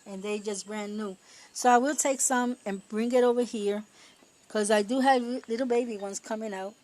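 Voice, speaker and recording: A woman talking her way through a casual garden vlog outdoors, chatty and rambling, laughing often and pausing to search for words. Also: fairly high pitch, fairly even intonation, a little mellow. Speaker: home gardener.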